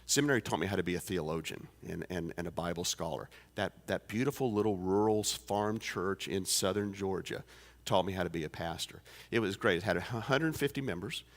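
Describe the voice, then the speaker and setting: A low-voiced pastor in his fifties tells a homespun sermon story at a brisk clip with few pauses. He often stumbles into fillers and restarts his sentences, and his voice echoes with long reverb through the church sanctuary.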